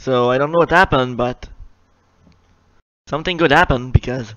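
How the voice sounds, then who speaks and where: A young man hosting a casual live question-and-answer stream. He reads viewers' questions out loud and answers them in a chatty, self-mocking way. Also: medium pitch, normal speed, no room sound. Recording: slightly dull lo-fi mic, dry.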